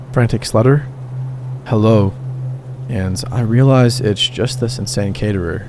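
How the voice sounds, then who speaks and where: A man's voice: on the low side, vocal fry, warm tone, a little hiss or hum. A man reading a true horror story aloud as scripted narration, giving quoted lines a little more lift. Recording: music bed under the voice.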